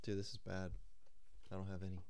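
A man's voice: sits low, monotone, a little fast, darkish tone, smooth. A young man hosting a casual podcast, reading out game cards and joking with friends. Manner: joking, reads cards aloud, laughs often. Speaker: podcast host. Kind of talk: casual chat over a card game.

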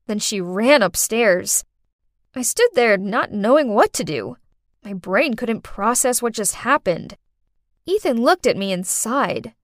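Eine Frau erzählt mit lebhafter, auf und ab springender Stimme eine dramatische Ich-Geschichte für einen Podcast. Ihre eher hohe Stimme klingt trocken und nah am Mikrofon. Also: female voice, a little high, a little slow, no echo, clean studio sound. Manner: expressive, dramatic storytelling. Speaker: narrator. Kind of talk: first-person storytelling podcast.

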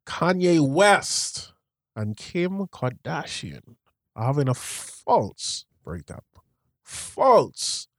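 A man's voice: on the high side, big pitch swings, no room sound, heavily acted. Man doing a pompous podcast preacher. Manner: slow, emphatic, every last word stressed.

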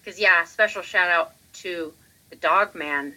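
Playful woman co-host with a bright, forceful tone, quick with jokey asides. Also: on the low side, poor audio. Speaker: podcast co-host. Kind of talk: casual podcast chat.

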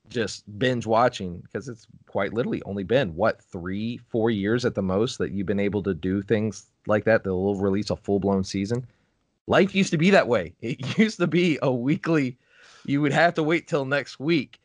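A man's voice: lowish voice, moderate pace, no room sound. A man co-hosting a podcast in casual chat, rambling, laughing often and wandering off on tangents. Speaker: podcast co-host.

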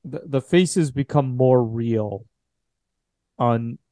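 A man narrating a tabletop horror game as game master, in a measured, descriptive way. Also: mid-range voice, mellow, no echo, studio quality.

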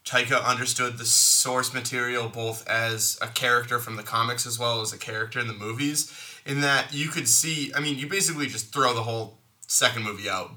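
A man co-hosting a casual movie review podcast, telling favorite scenes in an animated way. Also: mid-range voice. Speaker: podcast co-host.

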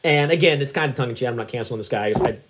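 A man's voice: mid-range voice, rapid-fire. A man hosting a casual conversation, easygoing, agreeing often and steering to new topics. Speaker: podcast host. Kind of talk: casual chat.

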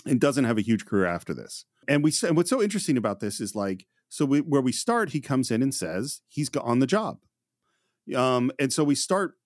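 A man co-hosting a film podcast, telling behind-the-scenes stories in a casual, animated way and acting out quotes. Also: medium pitch, no room sound, clean studio sound. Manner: animated storyteller, acts out quotes. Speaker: podcast co-host.

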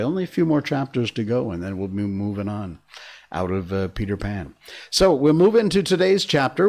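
A man introducing and reading a storybook aloud in a relaxed, chatty way. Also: medium pitch. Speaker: storybook reader.

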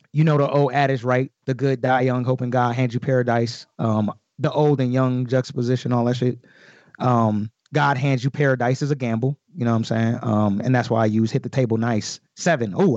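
A man's voice: mid-range voice, darkish tone, no echo. Man, rapper guest, casual podcast chat, slangy and loose, dry muffled sound. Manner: loose and chatty, full of slang and swearing. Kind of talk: casual podcast chat explaining his lyrics.

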